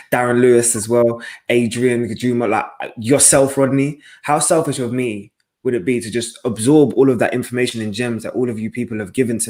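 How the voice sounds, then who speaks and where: Brief: a passionate male presenter who talks fast and emphatically over a video call. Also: mid-range voice, darkish tone. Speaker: panel guest, sports presenter. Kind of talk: webinar panel discussion.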